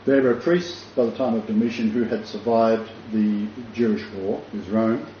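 This Bible teacher has a lowish, warm voice with a steady tone and moderate pace. He preaches a sermon and tells the story imaginatively, rambling with frequent restarts and chuckles. The room sounds dull and echoey, with faint background noise.

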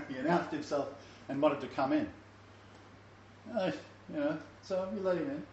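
A man's voice: on the high side, unhurried, a little mellow, slight background noise. An older man teaching a Bible lesson, rambling in a chatty storytelling way with many fillers. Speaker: teacher of a Messianic Bible study. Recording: echoey, slightly dull room recording with faint ambience.

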